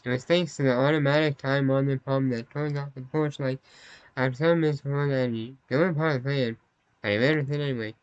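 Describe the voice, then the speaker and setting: A man's voice: mid-range voice, fairly even intonation, fast talker, smooth, no echo, lo-fi sound. A man narrating his playthrough of a story game in a chatty, self-conscious way. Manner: apologetic, self-conscious aside. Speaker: gameplay narrator.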